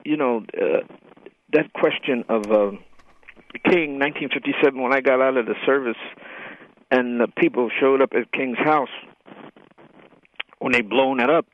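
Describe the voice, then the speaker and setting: A man's voice: mid-range voice, normal speed, long pauses. An older man, a writer and guest, talking in a radio interview with many fillers and restarts. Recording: tinny phone line.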